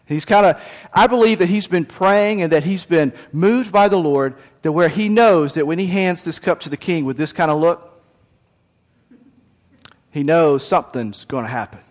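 A man preaching a sermon, telling the story with lively acted voices. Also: on the high side, long reverb tail. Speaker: pastor.

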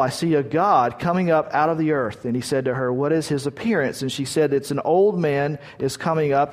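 A man's voice: on the high side, a little mellow. A man preaching a sermon, reading scripture aloud and retelling the stories in a conversational way with frequent restarts. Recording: long hall reverb.

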